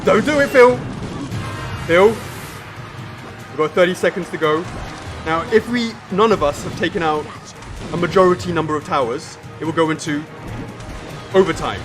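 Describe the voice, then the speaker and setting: A man hosting a live stream, commentating his own game with excitable groans and playful trash talk aimed at his opponent. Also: fairly high pitch, normal speed, pauses often. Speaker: streamer and show host. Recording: game music playing under the voice. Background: game music.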